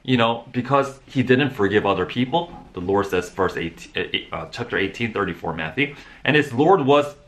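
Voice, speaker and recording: Low-voiced preacher man. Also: moderate pace, few pauses, fairly bright tone. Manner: repetitive restarts, rising to emphatic bursts. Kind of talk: informal sermon.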